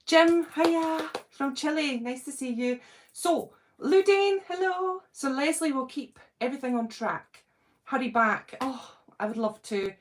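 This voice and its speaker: A middle-aged British woman hosting a casual livestream, nervous and excited, chatting and greeting viewers by name. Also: sits high, normal speed, slight background noise. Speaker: channel host doing a livestream.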